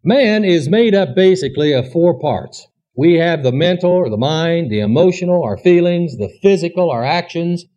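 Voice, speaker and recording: A man's voice: a little high, lively intonation, normal speed, hardly any pauses, mellow. A man giving an earnest, plainspoken sermon-style teaching, asking rhetorical questions as he goes. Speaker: preacher. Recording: dull lo-fi recording.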